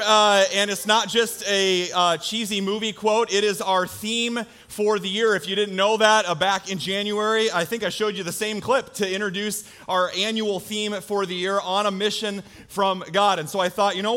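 Male pastor, lively casual sermon delivery, high bright voice. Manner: energetic, casual preaching with frequent fillers. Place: large church sanctuary.

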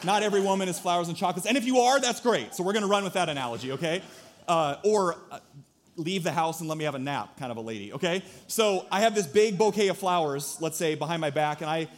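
A man's voice: fairly high pitch, animated, fast. A young man preaching a sermon, joking and acting out little scenes as he tells a story. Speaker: pastor.

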